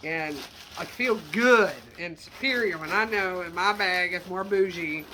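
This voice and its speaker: A woman talks through handbags she is selling in a relaxed, candid home vlog, full of self-deprecating asides. Her voice is bright and forceful but sits a little low. A faint hiss of noise runs under the recording. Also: unhurried. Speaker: online handbag reseller. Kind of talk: casual product showcase vlog.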